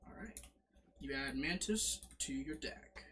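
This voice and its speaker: A man's voice: mid-range voice, unhurried. A man casually narrating as game master, fumbling with his setup and correcting himself as he goes. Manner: lively, fumbling with slides, self-correcting.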